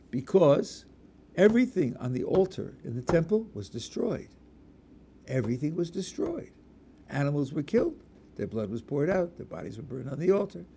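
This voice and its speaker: A man's voice: medium pitch, dark tone, a little hiss or hum. A man, a rabbi, answering audience questions in a lecture, emphatic and explaining with worked examples and repeated stresses.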